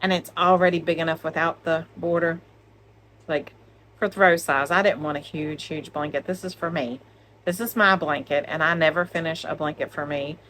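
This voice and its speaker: She has a low, steady voice with a fairly bright tone, speaking at normal speed, and a little hiss or hum is audible. The setting is a crochet vlog filmed at home on a phone, where she co-hosts, chatting, laughing and joking.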